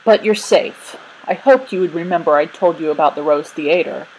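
Worried dad scolding his kid, woman reading him, lowish voice. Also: moderate pace, a little mellow, slight background noise, rough recording. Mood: relieved scolding. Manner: stern but loving. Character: relieved, scolding father of two boys.

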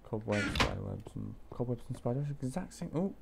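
In a very noisy recording, the Welsh gaming host, a young man, mutters and swears his way through a let's play video game. This time his mid-range voice is brisk and creaky, with lively intonation.

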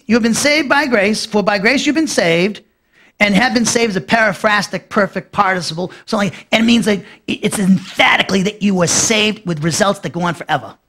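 A man preaching a verse-by-verse Bible lesson. His voice sits high, climbing further when he stresses a point and sinking low and soft as he wraps one up. He repeats key phrases for emphasis and asks questions of his listeners. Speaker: pastor teaching a Bible class. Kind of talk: expository sermon.

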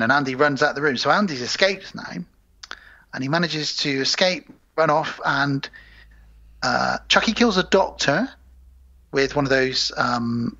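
A man co-hosting a podcast, recapping a film in a casual, animated way with lots of swearing. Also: on the high side. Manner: animated, swearing, acts out scenes. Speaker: podcast co-host. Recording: muffled home podcast audio.

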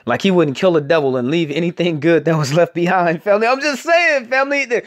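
High-voiced man preaching, calling everyone family. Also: animated. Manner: repeats "family" after nearly every phrase, rambling and emphatic; drags out key words slowly for emphasis. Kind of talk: casual preaching to an online audience.

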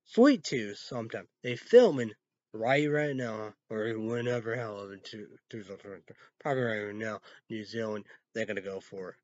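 A man on his own channel, rambling and swearing, swinging from loud outbursts to low mumbles. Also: animated, normal speed, no echo. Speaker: vlogger. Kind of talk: rambling solo rant. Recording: dull, muffled lo-fi sound.

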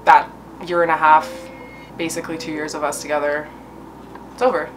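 A young woman telling a casual story-time vlog, chatty and full of fillers and swearing, a little high. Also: level tone, a little fast, noisy background. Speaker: vlogger.

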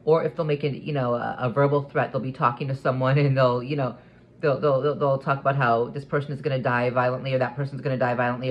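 A man with an ordinary mid-pitched voice delivers a solo vlog monologue. He speaks earnestly but haltingly, repeating words as he restarts his thoughts. His delivery builds into firmer emphasis. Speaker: vlogger.

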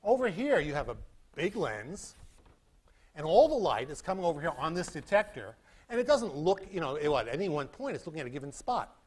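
A man giving a university physics lecture in a hall, animated and demonstrating with sound effects. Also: on the high side, fairly quick, slightly rough. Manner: animated, acts out beeping sounds and demonstrates with props. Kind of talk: classroom lecture.

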